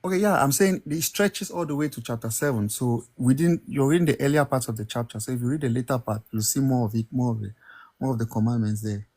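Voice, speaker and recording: A man's voice: medium pitch, fast talker, darkish tone. Earnest man defending his point. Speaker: podcast co-host. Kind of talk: casual debate.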